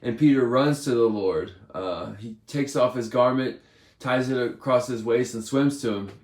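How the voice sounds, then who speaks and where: A man's voice: mid-range voice, normal speed, darkish tone. A man giving a casual Bible devotional, retelling loosely with many fillers. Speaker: devotional speaker. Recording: roomy echo.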